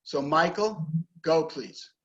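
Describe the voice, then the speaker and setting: A man's voice: a little high, slow, fairly bright tone, lo-fi sound. A man teaching an online English class, patiently correcting pronunciation and sentence stress. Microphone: video call.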